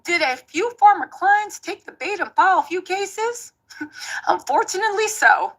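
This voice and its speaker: A woman's voice: extremely high pitch, expressive, normal speed, a bit bright, pitched above the performer's own voice, poor audio. A woman doing an impression of a smug middle-aged male lawyer with a put-on Southern US accent, read out mock-dramatically.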